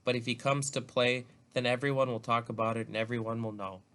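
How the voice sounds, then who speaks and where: A man's voice: medium pitch, little pitch movement, a little fast, fairly bright tone, natural voice. A man reading as a tearful teen girl. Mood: upset. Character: upset teenage girl, defensive and tearful. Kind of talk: reading a novel aloud.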